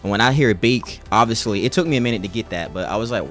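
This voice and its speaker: A man's voice: on the low side, fast talker, few pauses, fairly bright tone, soft background music. A young man streaming live, chatting casually with his chat in a laid-back, slangy way.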